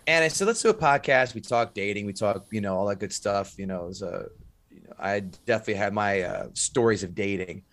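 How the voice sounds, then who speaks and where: A man who is a stand-up comic, a guest on a podcast, telling stories in a lively way and acting out the voices. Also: lowish voice, brisk. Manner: animated storyteller, acts out voices. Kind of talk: casual storytelling chat.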